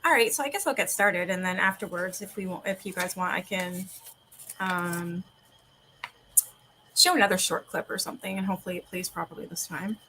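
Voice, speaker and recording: A woman's voice: lowish voice, fairly quick, pushed and bright, slight background noise, poor audio. A woman in her forties from South Florida, hosting a casual livestream from home, chatting loosely, swearing casually and reading aloud with a sore throat. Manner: chatty, rambling, casual swearing, frequent laughs. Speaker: livestream host.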